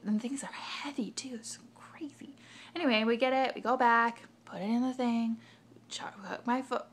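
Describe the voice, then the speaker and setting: Chatty young woman with a creaky voice. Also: medium pitch, a bit bright, a little hiss or hum. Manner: rambling, lots of fillers and asides. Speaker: vlogger. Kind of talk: casual storytelling.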